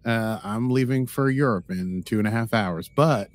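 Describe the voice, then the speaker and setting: A man's voice: lowish voice, normal speed, no room sound. A man co-hosting a podcast in casual, jokey, enthusiastic chat. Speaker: podcast co-host.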